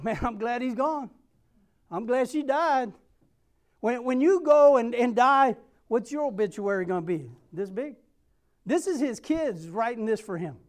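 A middle-aged pastor preaches a sermon in a high-sitting, darkish voice. He is earnest and emphatic, repeating phrases for weight and addressing the people in front of him directly.

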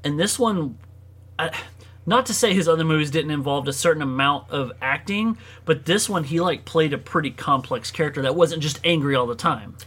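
A man with a slightly higher voice hosts a relaxed chat, speaking in easy, slangy phrases. He keeps the talk moving by asking his guest questions. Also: moderate pace, slightly rough. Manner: laid-back, slangy, steers the talk with questions. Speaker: podcast host. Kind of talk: casual chat.

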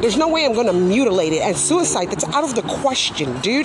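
An indignant woman in a heated, profane monologue. Her pitch swings widely as she vents. A loud hum of passing vehicles runs under her voice. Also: big pitch swings, brisk, few pauses. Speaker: mother venting about social services. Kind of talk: angry monologue rant.

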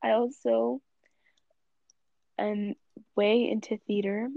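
A woman's voice: on the high side, flat delivery, creaky, dark tone, highs cut off. A teenage girl co-hosting a podcast, chatting casually, laughing often and speaking hesitantly. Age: teens. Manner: laughs a lot, slow and hesitant. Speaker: podcast co-host. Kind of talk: casual chat.

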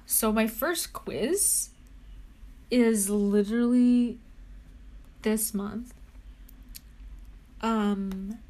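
A young woman talking to her viewers at an unhurried pace while she clicks around her computer. Her voice sits a little high, and she sounds anxious and jittery, swearing freely and slipping in nervous laughs. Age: young adult. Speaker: vlogger. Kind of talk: casual chat while browsing a computer.

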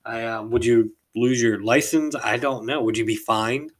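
A man's voice: medium pitch, steady tone, moderate pace. Man rambling through a casual story. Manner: rambling, chuckles mid-sentence, acts out quoted people. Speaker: podcast host.

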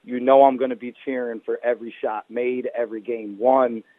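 A male guest on a sports talk show makes his case with folksy sayings and blunt opinions. His voice sits in a middle pitch. It comes through a thin, phone-like line with a dry sound. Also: little pitch movement, brisk, dry recording. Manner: opinionated, folksy sayings, calls others brother.

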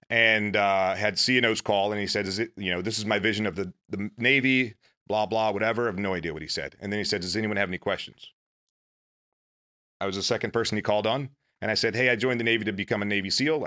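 Bright-voiced man telling a story. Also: lowish voice. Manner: earnest, self-deprecating. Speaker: former Navy SEAL guest. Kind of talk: casual storytelling.

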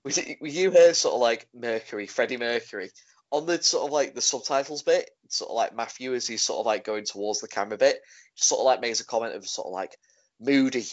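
A man's voice: medium pitch, a little fast. A man chatting casually, rambling and filling his sentences with "sort of, like". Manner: rambling, leans heavily on "sort of, like". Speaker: podcast co-host. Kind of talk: casual chat. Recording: dull lo-fi audio.

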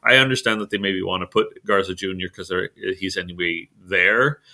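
Bright-voiced man co-hosting a wrestling chat. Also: deep voice. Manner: halting, many fillers and restarts; chuckles while talking. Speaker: podcast co-host.

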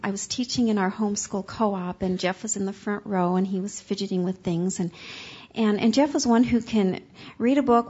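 Woman, husky voice, earnest halting testimony, dull lo-fi seminar tape. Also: medium pitch, darkish tone. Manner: earnest, halting storytelling with many restarts. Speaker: speaker's wife sharing a story.

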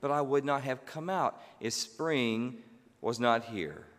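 A cheerful, amused flower, voiced by a man explains things slowly in a storybook sermon. The delivery is calm and drawn out. A long hall reverb lingers after each phrase. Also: mid-range voice, exaggerated voice. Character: laughing cheerful daffodil and mushroom.

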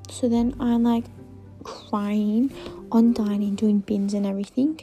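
Young woman rambling thru a podcast story, mellow kinda dark tone, lots of likes, goes whispery sometimes, faint music behind. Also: on the high side, steady tone, a little slow. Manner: rambling, filler-heavy, drops to whispers. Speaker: podcast host. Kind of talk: casual storytelling monologue.

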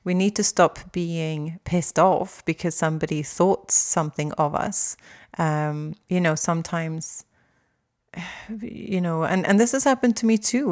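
A woman in her forties talking in a casual, rambling way, with many restarts and fillers and frank, mildly sweary speech. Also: deep voice. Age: 40s. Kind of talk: casual chat.

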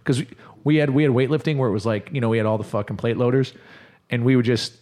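A man's voice: mid-range voice, fast, darkish tone. A man co-hosting a podcast, talking in casual, laid-back, profane banter. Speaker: podcast co-host. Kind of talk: casual chat.

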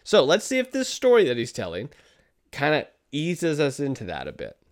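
A man's voice: on the high side, wildly swooping pitch, moderate pace. A man giving casual, critical commentary while reviewing a sermon clip, talking loosely with fillers. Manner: conversational, critical, frequent fillers. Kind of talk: video commentary.

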